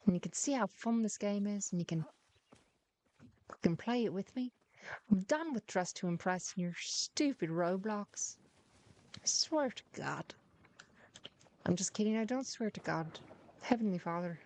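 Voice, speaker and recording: A woman's voice: medium pitch, animated, a little slow, pauses often, darkish tone. A woman chatting casually through her gameplay, teasing and muttering to herself as she plays. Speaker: gaming streamer.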